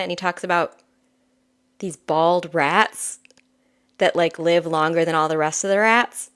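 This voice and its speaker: Soft-spoken woman giving a spiritual reading. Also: on the low side, clear, resonant tone. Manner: soft, rambling, laughs often. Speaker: intuitive healer channeling a reading. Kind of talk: casual spiritual guidance talk.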